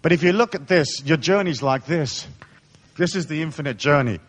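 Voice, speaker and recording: A man's voice: on the high side, moderate pace. A man giving a live motivational talk to an audience, telling stories with lots of swearing and acting out the voices of the people in them. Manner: animated storyteller, swears freely and acts out quoted voices. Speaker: spiritual seminar speaker. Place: seminar hall.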